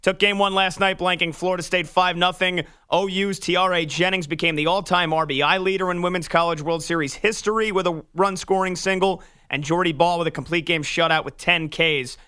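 A man reading a sports news update on a radio show in a crisp newsreader style. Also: high-pitched, steady tone, sharp tone. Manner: crisp, brisk newsreader delivery. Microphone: studio microphone.

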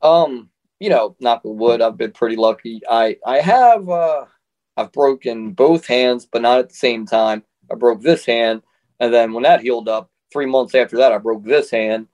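Casting: relaxed male wrestler, chatty storyteller, easygoing, laughs between stories. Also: mid-range voice, moderate pace. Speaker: interview guest, professional wrestler. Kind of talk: casual storytelling.

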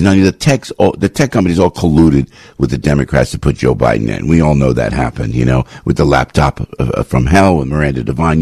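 Male radio host with a low voice, sarcastic and rambling, spiking high on mocking questions; dry close studio mic. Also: vocal fry, mellow, slightly rough, no echo. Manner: sarcastic, with mocking rhetorical questions and sudden high-pitched jumps; rambling, with frequent restarts and asides. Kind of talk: talk radio monologue.

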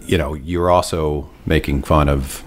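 A man's voice: rumbling low, steady tone, a little slow, slight background noise. A man co-hosting a casual discussion, thoughtful and a little hesitant, often repeating words as he thinks. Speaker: podcast co-host.

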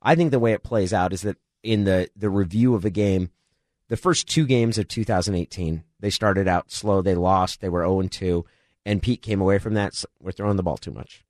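A middle-aged man co-hosting a sports radio show, talking through football strategy in a measured, analytical way. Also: low-pitched, darkish tone, no room sound, studio quality. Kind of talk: casual sports talk.

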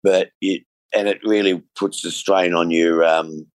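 A man's voice: sits low, steady tone, measured pace, no room sound. A man chatting casually about his week, rambling with lots of fillers. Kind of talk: casual chat.

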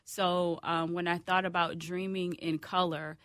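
Interview guest, woman, soft and hesitant, low-ish voice, dry sound. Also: level tone, measured pace, dry recording. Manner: soft-spoken, hesitant, giggly. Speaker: small business owner guest. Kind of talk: radio interview.

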